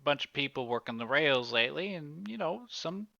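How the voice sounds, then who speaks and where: A man voicing a shifty, evasive male railroad hand who stammers and dodges questions, pitched up and louder than his usual voice. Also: animated, moderate pace, gravelly, no echo, full character voice. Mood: flustered. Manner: nervous, stammering and dodging questions. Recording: slightly muffled, dry recording.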